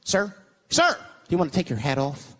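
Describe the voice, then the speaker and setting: A man's voice: on the high side, huge pitch swings, moderate pace, fairly bright tone, a little hiss or hum. A male comedian voicing a stern male strip club bouncer who scolds a patron in a bossy way. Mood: scolding.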